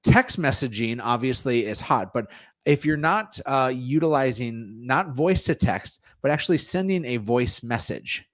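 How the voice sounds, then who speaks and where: A man guest, a real estate coach, answering interview questions in an energetic, salesy way. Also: medium pitch, moderate pace, dry recording, studio quality. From North Dakota. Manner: energetic, salesy, plugs his offers.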